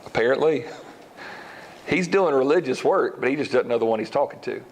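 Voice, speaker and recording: A man preaches a sermon in a church, reading Scripture and retelling it in a relaxed, folksy way. He slips into quick voices for the characters as he tells the story. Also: mid-range voice. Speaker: pastor.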